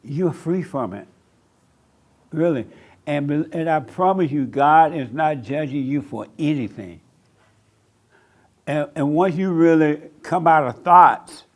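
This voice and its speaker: A man preaching to a live audience, emphatic, repeating phrases and asking rhetorical questions, with teasing asides. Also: on the high side.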